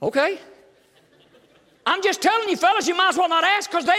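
An older man preaches, his voice high and lively as it swings between punchy emphasis and quiet folksy asides. The tone is bright and edged, and it rings out into a church hall with long reverb. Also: a little fast. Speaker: pastor. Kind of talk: sermon. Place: church sanctuary.

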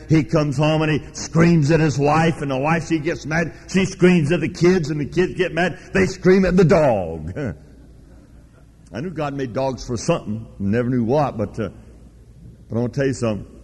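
A man preaching a fiery revival sermon in a church, folksy and teasing, swinging from loud high bursts to low quiet asides. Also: normal speed, husky, big-room sound. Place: church sanctuary.

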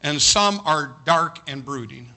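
A man preaching a sermon. He reads a poem dramatically, slowing down and rising for emphasis, and stumbles and repeats words when he talks loosely. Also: fairly high pitch, lively intonation, sharp tone. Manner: dramatic poetry reading, slows and rises for emphasis.

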